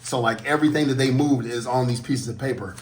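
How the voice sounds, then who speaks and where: Brief: man, casual vlog rant, profane and animated, mid-range voice. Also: medium pitch, fast talker, a little hiss or hum. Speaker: collector vlogger.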